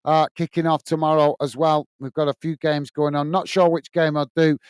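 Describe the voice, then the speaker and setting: A British man hosts a casual football livestream, chatting away with lots of "uh" as he reads viewer comments and thanks people one at a time with friendly sign-offs. His voice is a touch high for a man, smooth and clear, with a flat, brisk delivery. The sound is dry and close, with no room sound.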